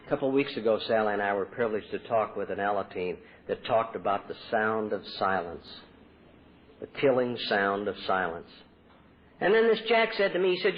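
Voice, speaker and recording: A man's voice: lively intonation, brisk. A man speaking at a recovery meeting, telling his story earnestly and acting out quoted lines with his voice. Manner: earnest, acts out quoted dialogue with pitch jumps. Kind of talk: personal storytelling talk. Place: convention hall. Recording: tinny old tape recording.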